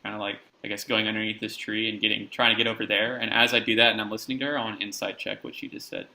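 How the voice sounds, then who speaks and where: A man plays a tabletop game casually and keeps asking curious questions. His voice is gravelly with a sharp, tense edge, and sits fairly low. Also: level tone, very fast, poor audio. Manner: curious, asks many questions. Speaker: player.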